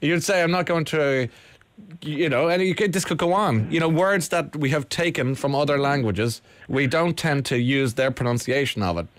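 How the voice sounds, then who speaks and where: An Irish man hosts a radio chat, teasing his caller with jokey, playful questions. His voice sits at a middle pitch, and the sound is close and dry. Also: moderate pace, hardly any pauses, no echo. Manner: teasing, joking. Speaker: radio host. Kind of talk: casual chat.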